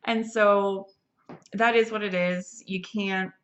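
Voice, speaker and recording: A woman's voice: mid-range voice, steady tone, slow pace, highs cut off. A young adult woman giving a casual, rambling movie review, chatty and full of fillers and restarts. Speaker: film reviewer.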